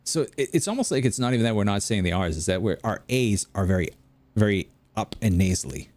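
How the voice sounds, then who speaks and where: A man's voice: fairly low pitch, lively intonation, quick pace, darkish tone, dry recording. A man, rambling and chatting with viewers during casual gameplay commentary at home late at night. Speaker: gaming video creator.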